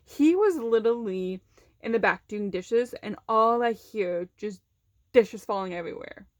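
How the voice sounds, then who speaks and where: A woman's voice: mid-range voice, measured pace, dry recording, studio quality. A young woman casually telling a personal story, with lots of fillers, who brings in the other people's lines by acting them out. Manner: conversational, many fillers, acts out quoted voices.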